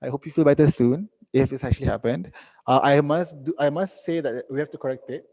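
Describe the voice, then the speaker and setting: A young man teaching a live online English lesson, reading out students' sentences and correcting them gently. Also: fairly high pitch, brisk, vocal fry, in a large hall.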